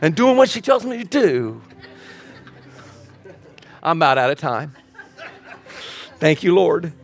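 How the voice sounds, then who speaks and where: A middle-aged man, a pastor, preaching with humor, swinging between loud outbursts and quiet moments. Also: on the high side, sing-song, slow pace. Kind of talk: sermon.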